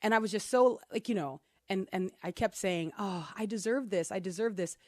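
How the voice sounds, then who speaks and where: A woman's voice: mid-range voice, normal speed, no echo, studio quality. A middle-aged woman co-hosting a casual chat, telling stories animatedly and acting out the people she quotes. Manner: animated storyteller, lively quoted voices. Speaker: co-host.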